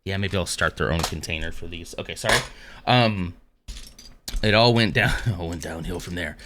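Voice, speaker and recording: A man's voice: sits low, moderate pace, noisy background. A man hosting a casual live stream, rambling along between dad jokes. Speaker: livestream host.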